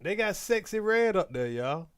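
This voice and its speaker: A man's voice: high voice, very animated, normal speed, clean tone. A man hosting a reaction video, giving blunt, slangy commentary and warnings. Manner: blunt, preachy, slangy asides.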